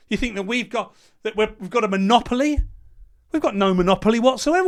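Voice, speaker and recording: High-voiced man ranting sarcastically. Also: expressive, brisk, fairly bright tone. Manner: sarcastic, mocking, hurls insults; reads out points, then rebuts them. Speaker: political commentator. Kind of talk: ranting commentary.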